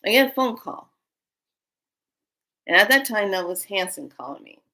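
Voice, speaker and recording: Expressive woman telling a story. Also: medium pitch, moderate pace. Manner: expressive, acts out dialogue. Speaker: spiritual speaker. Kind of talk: personal storytelling.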